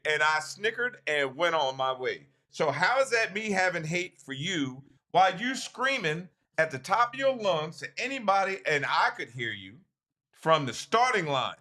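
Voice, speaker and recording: A man on a racing talk show telling his side of an argument in profane, animated casual chat. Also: sits high, normal speed. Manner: animated, profane, talks over others.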